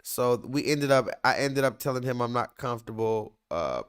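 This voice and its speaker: A man hosting a livestream, telling a story in animated, profane rants to his viewers. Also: medium pitch, moderate pace, clean tone. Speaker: livestream host. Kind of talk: casual livestream commentary.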